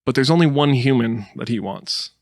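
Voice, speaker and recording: A man's voice: medium pitch, normal speed, dry recording, clean studio sound. A man co-hosting a podcast, telling a made-up story in casual chat with lots of laughs. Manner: animated storytelling with laughs and silly put-on voices. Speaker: podcast co-host.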